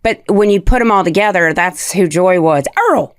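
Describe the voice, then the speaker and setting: A woman's voice: on the low side, moderate pace, smooth, dry recording, studio quality. A woman from the American South, a podcast guest, chatting and telling stories with laughing impressions. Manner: chatty, laughing storyteller who mimics voices. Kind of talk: casual interview chat.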